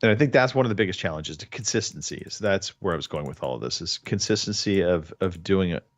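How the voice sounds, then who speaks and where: A man's voice: low-pitched, expressive, fast talker, no echo. A man hosting a casual podcast chat, talking in long rambling stretches with many restarts. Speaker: podcast host.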